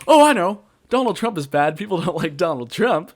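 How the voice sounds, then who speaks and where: A man's voice: a little high, animated, a little fast, pitched above the performer's own voice. A man doing a mocking impression of a smug female politician, breezy and self-satisfied.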